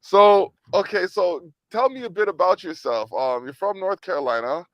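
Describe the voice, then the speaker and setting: A man hosting a casual interview. He talks in a playful, animated way and laughs often, while he is still recovering from an illness and has sore ribs. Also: high-pitched, normal speed, dry recording, lo-fi sound. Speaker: podcast host.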